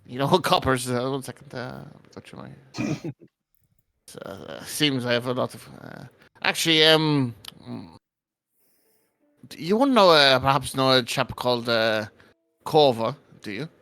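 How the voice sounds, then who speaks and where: A man's voice: mid-range voice, a little slow, vocal fry, a bit bright, no echo. Hesitant male player, dry sound. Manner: hesitant, full of ums. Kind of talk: tabletop role-play.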